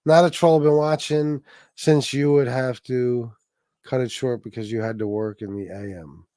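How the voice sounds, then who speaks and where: In a casual stream, a man reads out donations and banters profanely with his audience, often backing up to start again. His mid-range voice is warm, with fairly even intonation at normal speed. The sound is clean studio audio with no echo.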